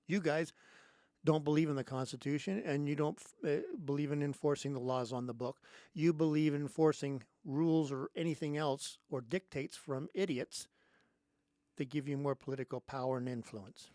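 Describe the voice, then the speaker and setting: A man's voice: a little high, steady tone, moderate pace, mellow, dry recording. A man hosting his own show, giving an angry, sarcastic political monologue straight into a close microphone. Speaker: host.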